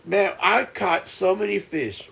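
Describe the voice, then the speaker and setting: A man hosts a live stream and chats casually, laughing often as he tells his story. His voice sits high and is heavily gravelly with fry. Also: a little slow, sharp tone.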